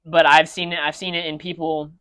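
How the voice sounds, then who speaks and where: A man's voice: a little high, level tone, a little fast, bright, forceful tone, clear, resonant tone. A man ranting in casual chat with friends, rambling with many restarts and fillers. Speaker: podcast co-host. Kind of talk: casual rant among friends.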